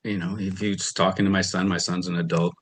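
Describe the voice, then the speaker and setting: A man's voice: deep voice, flat delivery, brisk, slightly rough. A man testifying as a litigant in a courtroom, rambling through his account and retelling arguments with quoted dialogue. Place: television courtroom.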